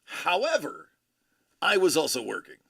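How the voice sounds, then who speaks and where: An American man with a fairly high, bright voice chats casually on his stream. His talk rises and falls a lot as he rambles and jokes. He pads his sentences with fillers and restarts. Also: wildly swooping pitch, moderate pace, creaky, slightly rough. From United States. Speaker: livestream host and father.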